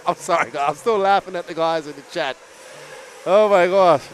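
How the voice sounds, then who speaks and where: Man, race announcer, high voice, excitable live commentary, faint background noise. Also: normal speed. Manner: excitable, laughs often between calls.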